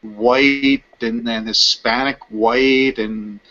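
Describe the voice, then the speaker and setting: A man from Florida ranting in a casual panel chat, animated and slangy. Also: mid-range voice, very slow. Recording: dull lo-fi stream audio.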